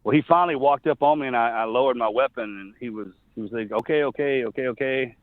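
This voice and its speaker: A middle-aged man, a former soldier, tells a personal story as an interview guest. He is earnest and halting, often restarting his sentences. His voice comes through a thin, tinny phone line with no room sound. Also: medium pitch, no echo. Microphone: phone call.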